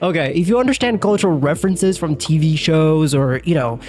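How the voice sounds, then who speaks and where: A man's voice: fairly high pitch, brisk, darkish tone. A young man giving a casual English lesson, talking loosely with lots of fillers and the odd swear word. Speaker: English teacher.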